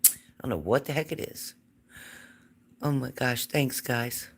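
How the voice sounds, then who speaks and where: A woman's voice: extremely low pitch, unhurried, slightly rough. Chatty woman greeting live viewers. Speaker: psychic reader hosting a live stream. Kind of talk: casual live-stream chat.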